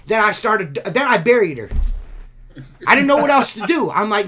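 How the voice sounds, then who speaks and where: A man's voice: high voice, big pitch swings, moderate pace, pushed and bright. A man hosting a podcast, ranting in a profane, exasperated way. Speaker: podcast host. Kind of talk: casual podcast rant.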